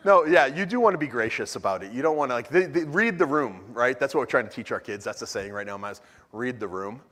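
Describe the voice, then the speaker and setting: A man giving an energetic, joking talk at a church conference, often restarting his sentences. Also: medium pitch, quick pace. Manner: animated, joking, frequent restarts. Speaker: conference speaker. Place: church hall. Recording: long hall reverb.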